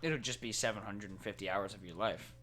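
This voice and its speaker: A young man co-hosting a casual podcast, telling game stories with lively acted-out voices. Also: on the low side, a little fast, faint music behind. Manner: animated storyteller, acts out game characters. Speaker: podcast co-host. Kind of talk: casual chat.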